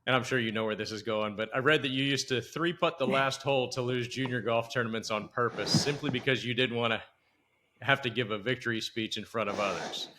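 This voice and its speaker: A man's voice: mid-range voice, fairly quick, background noise. A man hosting a podcast, telling golf stories animatedly and asking guests questions. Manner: animated anecdote telling, soft-spoken when asking questions. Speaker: podcast host. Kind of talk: casual storytelling and interviewing.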